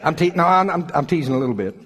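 Male preacher, slightly high voice, lively joking sermon style that drops loud to soft. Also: rapid-fire. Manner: animated and joking, shifts between loud and soft. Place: church service.

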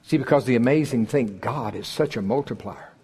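A man's voice: medium pitch, fairly quick, warm tone. Folksy older male preacher in a hall. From Oklahoma. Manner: folksy, joking, builds to emphatic peaks. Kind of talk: sermon. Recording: husky voice in a large reverberant hall.

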